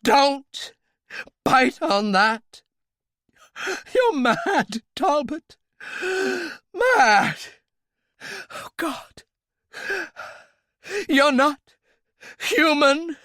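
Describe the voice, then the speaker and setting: A man's voice: very high voice, big pitch swings, very slow, long pauses, bright, forceful tone, dry recording, clean studio sound, voice pushed up, full character voice. An audiobook reader voicing a terrified, suffocating male villain who pleads and shrieks for his life, gasping and out of breath. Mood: panicked pleading.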